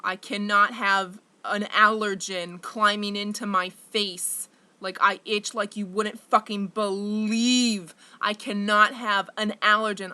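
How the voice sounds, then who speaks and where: In a mid-range voice, a young woman rambles through a profane, confessional monologue to camera. She leans on fillers and sometimes bursts into loud anger.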